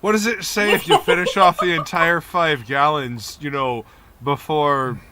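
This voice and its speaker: Loud joking man, high lively voice, noisy mic with clicks, swears a lot. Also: a little slow. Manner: boisterous, profane joker. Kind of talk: casual chat.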